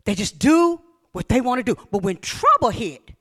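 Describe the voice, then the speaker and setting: A woman preaching a sermon, swinging between loud emphatic lines and near-whispers. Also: fairly high pitch, very animated, moderate pace.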